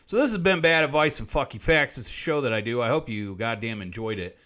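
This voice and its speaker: A man hosting a comic livestream, rambling through odd facts with constant swearing and deadpan asides. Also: mid-range voice, brisk. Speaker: host.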